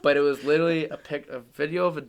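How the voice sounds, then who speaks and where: A young man hosting a casual podcast chat, animated and joking as he tells stories. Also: fairly high pitch, rapid-fire. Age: young adult. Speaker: podcast host.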